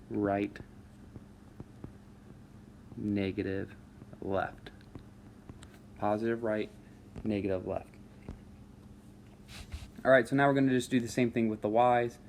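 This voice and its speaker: A man teaching a math lesson over a screen recording, walking students through each step in a relaxed way with frequent checks of "all right?". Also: lowish voice, slow, long pauses, a little hiss or hum.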